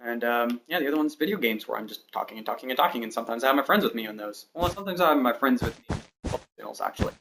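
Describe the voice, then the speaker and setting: Talking very fast at medium pitch, a man chats casually to viewers while building in a game, rambling, joking at his own expense, and counting blocks out loud. The rough recording has a little hiss or hum and steady mouse and keyboard clicks in the background.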